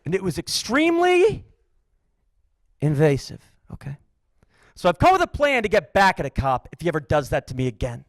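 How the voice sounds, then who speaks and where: A young man doing a deadpan, self-deprecating stand-up set on a comedy stage. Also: high-pitched, moderate pace, long pauses, no room sound.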